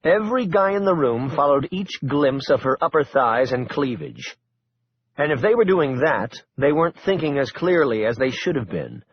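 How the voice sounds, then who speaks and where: Husky male audiobook narrator. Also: mid-range voice, normal speed. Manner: steady, even storytelling. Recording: muffled lo-fi recording.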